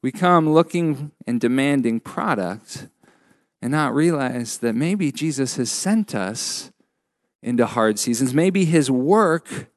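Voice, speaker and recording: A man preaching a sermon as a pastor, measured and emphatic with frequent pauses. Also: mid-range voice, expressive, no room sound, clean studio sound.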